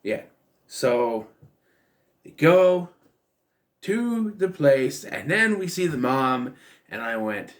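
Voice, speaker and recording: A man's voice: mid-range voice, expressive, slow pace, long pauses. Rambling man chatting about a film. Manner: rambling, with many fillers and restarts. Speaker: film reviewer. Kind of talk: casual film commentary.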